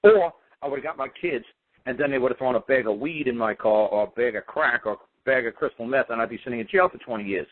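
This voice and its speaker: A man's voice: mid-range voice, fast, dry recording. A man telling a personal story on talk radio in a defiant, emphatic, repetitive way. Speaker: radio show guest speaker. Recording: tinny phone-line radio sound.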